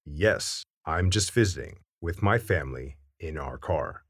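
A deadpan middle-aged father who answers in a low, quiet, flat voice, as a man voices him. He sounds unbothered and a touch husky in a dry, close recording. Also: measured pace, no echo, full character voice.

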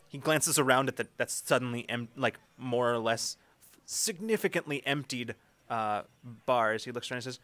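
A man's voice: medium pitch, moderate pace, fairly bright tone. A man narrating a tabletop game as game master, meandering through his descriptions. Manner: meandering, many fillers and restarts.

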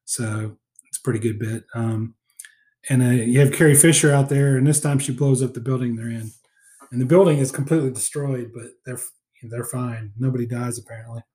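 A man talking through a movie in a loose, rambling way, leaning on fillers and restarts as he goes. His pitch sits in the middle for a man, and he sounds relaxed and conversational, like a podcast co-host chatting with a friend. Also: a little fast. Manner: rambling recap with many fillers. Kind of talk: casual film discussion.

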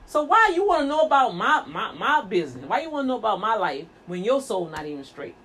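A woman's voice: fairly high pitch, big pitch swings, fairly quick, fairly bright tone, slightly rough. A woman minister and show host, preaching emphatically with rhetorical questions and repeated words. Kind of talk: preaching talk.

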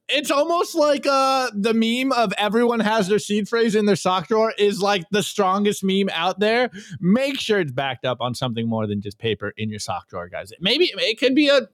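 A man hosting a podcast, reviewing memes in casual, energetic chat and often repeating words as he starts sentences. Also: high voice, moderate pace, no room sound, clean studio sound. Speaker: podcast host.

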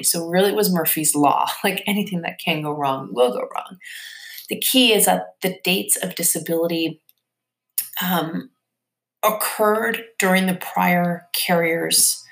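A woman's voice: fairly low pitch, vocal fry. A woman hosting a podcast, explaining things in a chatty, casual way with many fillers and asides. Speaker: podcast host.

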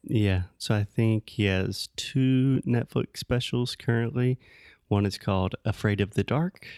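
A low, gravelly man talks in a relaxed, easy way on a podcast for English learners. He explains expressions patiently and offers gentle corrections. The sound is dry and close, with no room around it. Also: unhurried, dry recording. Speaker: podcast co-host. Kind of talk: casual chat teaching English.

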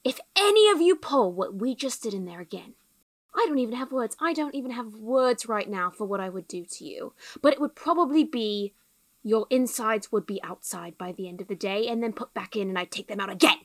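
A woman voicing a furious female ship captain who delivers slow, clipped threats in a tabletop game. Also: on the high side, animated, no echo.

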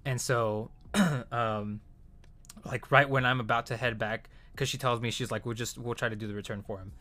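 A man's voice: medium pitch, steady tone, normal speed, pushed and bright. A man casually telling a frustrating story from his retail job, rambling and swearing, with lots of fillers and restarts. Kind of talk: casual chat.

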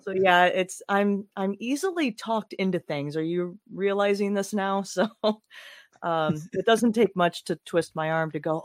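A woman in her forties talks as a podcast guest in relaxed, lively conversation. She tells stories with animation and laughs often. The sound is dry and close, with little room. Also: mid-range voice, measured pace, no echo. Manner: animated storytelling, frequent laughs. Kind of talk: casual conversation.

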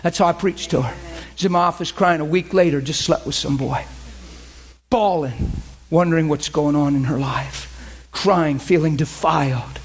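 High-pitched guy preaching a sermon, really passionate and fired up. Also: normal speed, husky.

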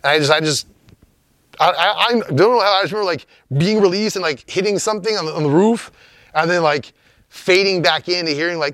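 A man's voice: a little high, fast, fairly bright tone, no room sound. A man telling a story as an interview guest, in a rambling, profane, laid-back way.

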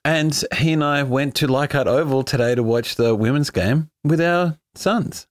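A man's voice: on the high side, normal speed, no room sound, clean studio sound. A man co-hosting a podcast, chatting casually, swearing and joking often. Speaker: podcast co-host. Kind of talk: casual sports podcast banter.

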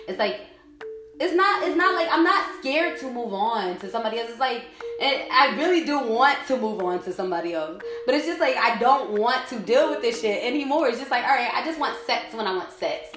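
A woman with a high voice rants hotly, swearing and circling back to the same complaints. Her voice rings in an echoey room with faint music behind her. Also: animated, a little fast. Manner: heated, profane, repetitive ranting. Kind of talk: angry venting monologue.

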